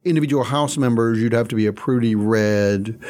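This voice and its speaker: Halting male reporter telling stories. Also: mid-range voice, a loud crowd. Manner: anecdotal, halting, lots of "you know". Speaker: political reporter guest. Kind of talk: interview storytelling.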